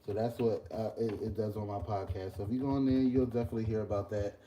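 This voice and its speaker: A young man, chatting casually in a vlog while cooking breakfast at work, telling an animated story. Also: fairly low pitch, quick pace, lo-fi sound, a little hiss or hum. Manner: animated ranting storyteller, loose and conversational. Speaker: vlogger and podcast host. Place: workplace kitchen.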